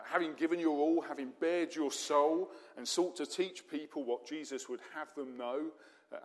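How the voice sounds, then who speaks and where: Preacher in a reverberant hall. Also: male voice, medium pitch. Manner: conversational preaching with rhetorical questions and dry humour. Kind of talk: sermon.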